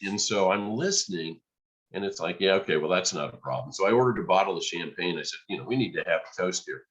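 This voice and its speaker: A man, a podcast guest, telling a lively story and acting out the dialogue. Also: low voice, quick pace. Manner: animated storyteller, acts out quoted dialogue. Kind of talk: storytelling in conversation.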